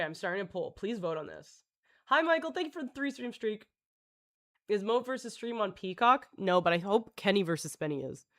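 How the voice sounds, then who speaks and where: A woman with a lowish, fairly bright voice live streams to her viewers, chatting in a rambling, jokey way, and there's no room sound. Her talk is scattered, full of restarts and self-interruptions as she breaks off sentences.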